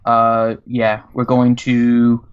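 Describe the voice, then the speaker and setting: A man co-hosting a casual gaming chat, relaxed and agreeable as he weighs team options. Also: mid-range voice, drawn-out words, clear, resonant tone. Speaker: co-host. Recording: dull lo-fi audio.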